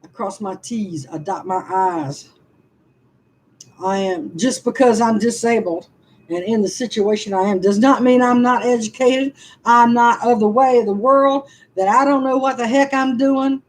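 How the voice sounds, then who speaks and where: A woman's voice: on the high side, a little slow, slight background noise, low-quality recording. A woman in her sixties, venting on a live stream. She sighs often and talks to her chat about her frustration. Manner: frustrated, sighing, speaks to chat.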